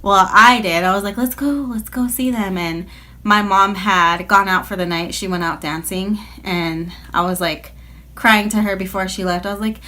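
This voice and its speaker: In what sounds like a phone recording, a woman with a mid-range voice and a sharp tone tells a personal story for a casual storytime vlog. Her intonation stays fairly even and her pace moderate, while her chatty, rambling delivery is packed with filler words.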